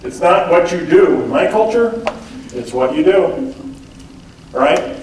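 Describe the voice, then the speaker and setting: A man with a high, animated, slightly mellow voice takes his time giving a public lecture on cultural differences in an event hall. He often checks in with listeners using "okay?" and "right?" The audio is roomy from a distant mic, with a touch of hiss or hum.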